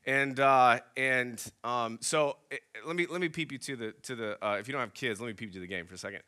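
Bright-voiced man telling a story. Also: medium pitch, quick pace. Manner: animated storyteller acting out both sides of a dialogue. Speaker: pastor. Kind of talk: sermon storytelling.

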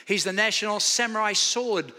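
Bright-voiced Australian pastor in his fifties. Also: sits high, moderate pace, big-room sound. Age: 50s. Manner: storytelling with acted dialogue, animated. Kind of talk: sermon. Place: church sanctuary.

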